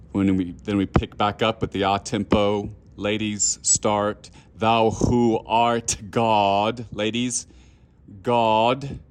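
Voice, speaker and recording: A man's voice: on the low side, slight background noise. A man leading a choir through a score. He explains markings patiently and step by step. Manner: patient, instructional, sings phrases to demonstrate. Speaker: choir director.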